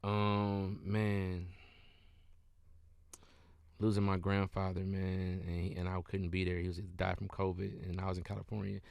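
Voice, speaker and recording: A man's voice: sits low, monotone, unhurried, vocal fry, no echo, clean studio sound. A man in his thirties from Detroit, a comedian guest in a casual interview chat, talking in a laid-back, rambling way. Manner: laid-back, rambling, bursts into loud laughing shouts.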